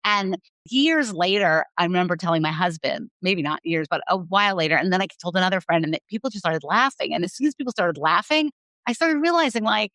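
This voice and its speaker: A woman's voice: on the low side, lively intonation, brisk, fairly bright tone, dry recording. A woman sex therapist speaking frankly as a guest on an interview podcast, telling personal stories in a candid, open way.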